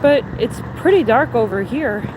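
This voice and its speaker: A woman's voice: a little high, lively intonation, normal speed. A woman chatting casually to her phone camera while walking outdoors in a small town, rambling and breaking off mid-sentence. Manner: chatty, rambling, self-interrupting. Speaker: vlogger. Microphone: handheld phone camera. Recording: loud street noise and wind.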